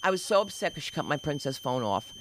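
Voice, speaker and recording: A woman doing stand-up comedy on a club stage, telling stories in a lively, swooping way and throwing in shouted sound effects. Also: sits low, fast talker, noisy background.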